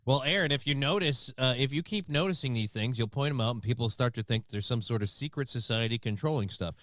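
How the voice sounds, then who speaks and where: A man's voice: medium pitch, fast talker, a bit bright, dry recording. A man co-hosting a talk show, throwing in joking asides. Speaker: co-host. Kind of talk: casual chat.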